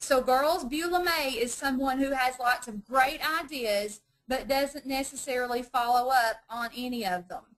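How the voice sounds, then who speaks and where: A woman's voice: high voice, moderate pace, hardly any pauses, a bit bright, rough recording. Chatty woman teaching Bible study. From North Georgia, USA. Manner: chatty, self-deprecating, laughs often.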